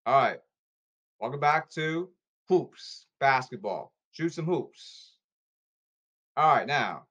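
A man in a rambling monologue, repeating commands and calls, with loud bursts and sudden drops in volume. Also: mid-range voice, very animated, measured pace, pauses often. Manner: repetitive, issuing commands and calls.

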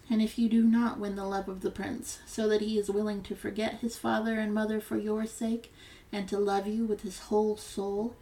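A woman's voice: medium pitch, creaky, mellow, far from the mic, close to an everyday voice, poor audio. A woman voicing a scheming old sea witch in a storybook reading, blunt and warning.

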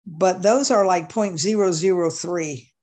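A woman's voice: on the low side, a little slow, dark tone. Emphatic woman guest in discussion. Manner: earnest, emphatic, with restarts. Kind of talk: casual discussion.

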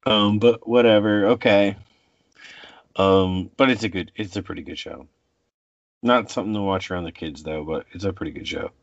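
A man in his forties co-hosting a casual chat, rambling and halting with many fillers, in a dull, muffled recording. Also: low voice, dry recording.

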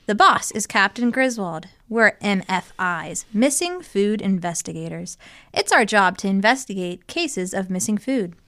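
Brief: woman narrator for a kids' detective storybook, mid pitch, dry close sound. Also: expressive, a little slow, bright, forceful tone, dry recording. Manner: punny hard-boiled detective narration. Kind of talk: storybook read-aloud.

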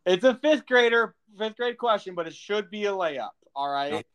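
A man's voice: high-pitched, lively intonation, moderate pace, fairly bright tone, clean tone. A young man co-hosting a podcast, quizzing his partner in a teasing, casual way and laughing often. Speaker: podcast co-host and quizmaster. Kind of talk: casual chat.

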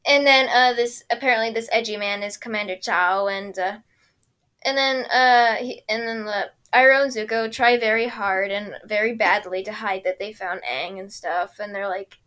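A woman's voice: a little high, normal speed, fairly bright tone. A young woman casually recapping a cartoon episode, giggling often and briefly mimicking the characters.

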